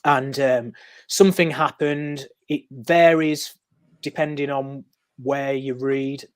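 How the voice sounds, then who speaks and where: A man's voice: mid-range voice, steady tone, slow pace, clear, resonant tone, no room sound. A man talking as a podcast guest, explaining history in a loose, storytelling way with frequent ums and restarts. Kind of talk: conversational explaining. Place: podcast recording.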